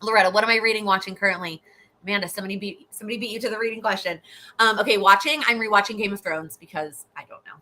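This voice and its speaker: A bright, clear-toned young woman hosts a live question-and-answer stream. Her talk is loose and chatty, full of restarts and casual fillers as she answers viewers. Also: medium pitch, very fast. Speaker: host, goal-setting coach. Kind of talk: live Q&A chat.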